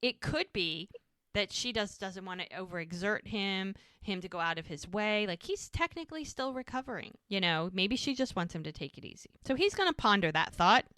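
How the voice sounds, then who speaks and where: Bright-voiced woman recapping a show. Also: medium pitch, normal speed, smooth, dry recording. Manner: animated retelling, acting out characters' lines. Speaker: podcast co-host recapping episodes. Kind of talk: casual chat.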